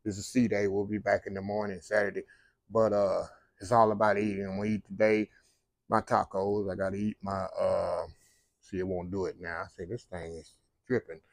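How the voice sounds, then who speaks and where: A man's voice: lowish voice, flat delivery, normal speed, no room sound, poor audio. A man, vlogging casually aboard a cruise ship in a folksy, chatty way and talking straight to his viewers. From Texas. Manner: folksy, chatty, keeps addressing viewers as "y'all". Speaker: food vlogger. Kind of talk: casual vlog narration. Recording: busy crowd noise behind. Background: crowd chatter.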